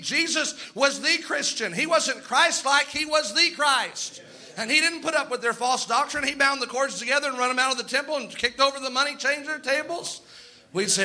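A man delivers a sermon with a high, piercing, very bright voice. He preaches emphatically, slowing down to stress key lines and acting out the voices he quotes.

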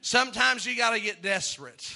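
High, bright-voiced fervent preacher man. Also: brisk, gravelly. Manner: fervent, repeats phrases for emphasis. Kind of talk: sermon.

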